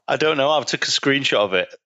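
A man's voice: mid-range voice, expressive, quick pace, pushed and bright, dry recording, lo-fi sound. A man, co-hosting a podcast with teasing, jokey banter. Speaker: podcast co-host. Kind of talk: casual chat.

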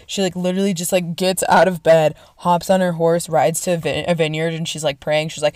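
A young adult woman retelling history in a casual, excitable way, swearing often and saying "like" and "right?" a lot. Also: on the low side, normal speed, dry recording, studio quality. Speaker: storyteller.

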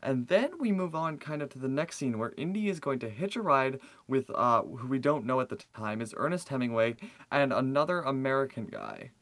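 A man's voice: mid-range voice, very animated, brisk, hardly any pauses, a bit bright, dry recording. Agreeable male podcast co-host, dry sound. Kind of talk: casual chat.

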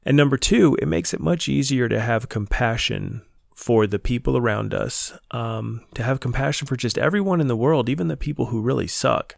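A man hosts a solo podcast in a measured, earnest, reflective manner. His voice has a gravelly, fry-touched texture and sounds a little stuffy from a stomach bug. The sound is dry and close, with no room echo. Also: mid-range voice. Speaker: podcast host and counselor.

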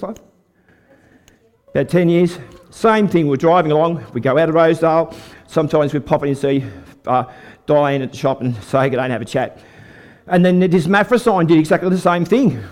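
An older Australian man telling a folksy faith story as a preacher to a live church audience. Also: fairly high pitch. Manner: folksy storytelling, lively with the crowd. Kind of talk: testimony sermon.

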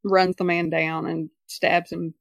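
A woman's voice: lowish voice, level tone, takes it slowly, gravelly, no room sound. A woman co-hosting a casual podcast, chatty and picky about details, reading summaries aloud. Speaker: podcast co-host. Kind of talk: casual chat.

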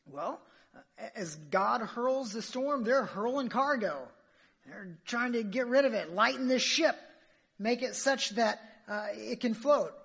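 A woman's voice: on the high side, animated, a little slow, fairly bright tone, husky. A woman preacher giving an emphatic sermon, full of rhetorical questions to her listeners.

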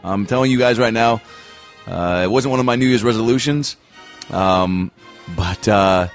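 A man hosting a podcast, reading an ad and introducing the show in a hyped, loose and profane way. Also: mid-range voice. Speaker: podcast host. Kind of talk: casual ad read and show intro.

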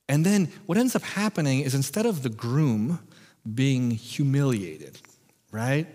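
An American man preaches in a relaxed, conversational way, cracking small jokes and restarting phrases as he goes. His pitch sits in a middle range for a man. The sermon echoes with a long reverb through a church sanctuary. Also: unhurried. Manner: conversational, jokey, frequent restarts. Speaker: pastor.

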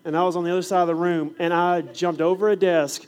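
This middle-aged preacher, who also teaches fifth grade science, tells classroom stories in a sermon and animatedly acts out each scene. He talks fast in a high voice, and the recording is muffled.

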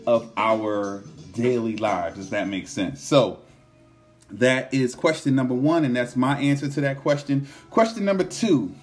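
A man's voice: mid-range voice, moderate pace, a little mellow, faint music behind. Earnest man giving a motivational talk. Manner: earnest, repeats words and adds "right?" often. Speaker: motivational speaker. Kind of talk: motivational self-help talk.

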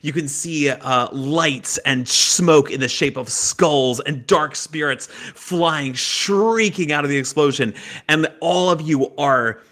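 Slow, bright-voiced man running the game. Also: fairly high pitch. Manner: vivid descriptive narration with fillers. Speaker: game master. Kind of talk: narrating a tabletop game.

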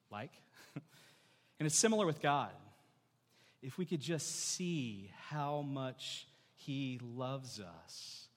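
An earnest male pastor in his thirties delivers a sermon, repeating words as he restarts and putting questions to the congregation. His voice sits a little high for a man. The long reverb of a church hall trails every phrase. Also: fairly bright tone.

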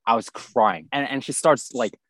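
A young man telling an exaggerated comic story from high school in a casual chat. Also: normal speed, a bit bright, dry recording.

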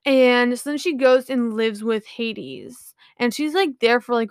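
A woman's voice: on the high side, lively intonation, unhurried, smooth, no room sound, clean studio sound. A woman casually retelling a mythology book on her podcast, rambling with many fillers and frequent apologies. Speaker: podcast host.

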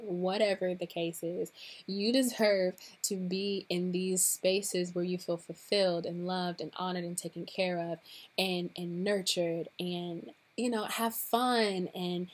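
A woman speaks into a podcast mic in a mid-range voice. She talks straight to her listeners in a relaxed, encouraging way, and her speech is loose and full of "um"s and "like"s. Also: mid-range voice, slightly rough. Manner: relaxed, with fillers like "um" and "like". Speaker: podcast host and coach. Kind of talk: casual podcast monologue.

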